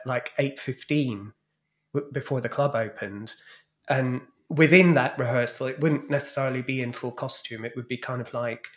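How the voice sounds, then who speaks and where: A man, a guest in an interview, telling frank, bawdy stories about his past stage acts. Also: medium pitch. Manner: frank, bawdy, animated storytelling. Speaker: guest, former club DJ and drag performer. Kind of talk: anecdotal storytelling in a podcast interview.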